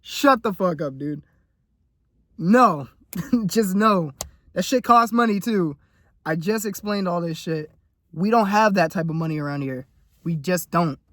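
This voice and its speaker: A man's voice: sits high, a little slow, pauses often, a bit bright, no echo. A young man venting in a casual, profane, blunt monologue to camera, ranting about money and frustration. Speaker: vlogger.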